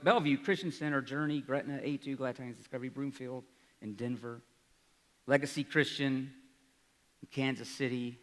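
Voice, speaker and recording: A man in his forties giving an energetic speech to an audience, often asking "right?". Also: medium pitch. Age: 40s. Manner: energetic, rhetorical, asks the crowd "right?". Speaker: college president. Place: large hall. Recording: reverberant hall, live speech.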